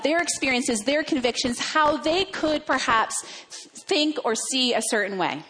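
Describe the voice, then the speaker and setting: A woman delivering a sermon in an earnest, measured way, often repeating phrases for emphasis. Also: high-pitched, fairly bright tone, big-room sound. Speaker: preacher.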